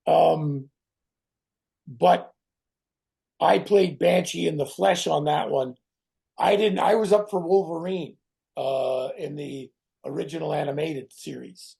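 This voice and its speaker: A middle-aged man, a guest actor in a casual interview who tells animated stories, swears and acts out other people's voices. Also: a little high, takes it slowly, creaky, long pauses, slightly rough. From Canada.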